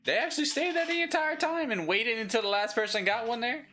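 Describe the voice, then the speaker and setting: A man with a Southern US accent, a podcast co-host reacting loudly and laughing often in casual chat. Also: very high voice, soft background music. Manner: animated, quick to laugh and react.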